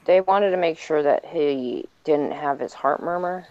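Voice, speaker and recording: Deep-voiced woman, matter-of-fact, lo-fi livestream sound. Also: measured pace. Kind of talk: casual chat. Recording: muffled lo-fi stream audio.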